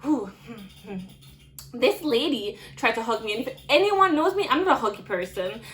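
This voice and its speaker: A woman's voice: fairly high pitch, sing-song, fairly quick, fairly bright tone, poor audio. A young adult woman retelling a work story in a loose vlog, with many fillers and restarts. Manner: rambling, filler-heavy retelling. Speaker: vlogger.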